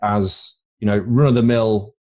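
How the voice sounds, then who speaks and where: Rambling, jokey British podcast host. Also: male voice, on the low side, fairly even intonation, a little slow, a little mellow. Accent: British English. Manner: jokey, rambling, repeats words while thinking. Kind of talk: casual film chat.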